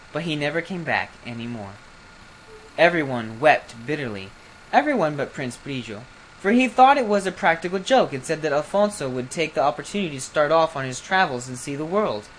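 A storyteller reading a fairy tale aloud, expressive, with small slips and self-corrections. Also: medium pitch, a little hiss or hum.

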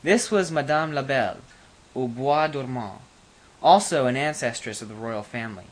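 A narrator reading a fairy tale aloud in an expressive, animated way. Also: medium pitch, moderate pace.

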